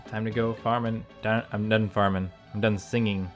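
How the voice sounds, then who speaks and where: A man's voice: lowish voice, little pitch movement, normal speed, few pauses, soft background music. Chatty man doing game commentary. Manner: chatty, thinks out loud, rambling asides. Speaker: gameplay YouTuber. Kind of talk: casual let's-play commentary.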